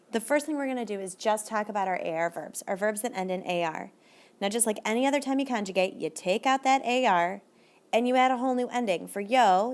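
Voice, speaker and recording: A woman teacher giving a recorded video lesson, upbeat and encouraging, slowing down and stretching out her Spanish examples. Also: a little high.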